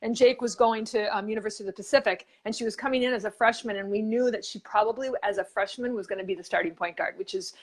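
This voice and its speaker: A woman's voice: medium pitch, fast talker, few pauses. A woman co-hosting a motivational show, telling stories in a chatty way with lots of fillers and restarts. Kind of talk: casual motivational chat.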